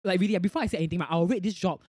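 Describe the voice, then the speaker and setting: A young man with a Singaporean English accent, hosting a podcast and telling a work story in a profane, animated way, acting out the people in it. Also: high-pitched, rapid-fire, husky, no echo, clean studio sound. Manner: animated, profane, acts out callers in quoted voices. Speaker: podcast host. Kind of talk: casual storytelling chat.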